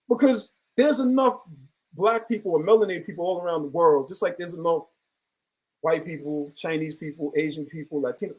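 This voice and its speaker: Earnest, high-pitched man who rambles reflectively in casual discussion. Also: rough recording.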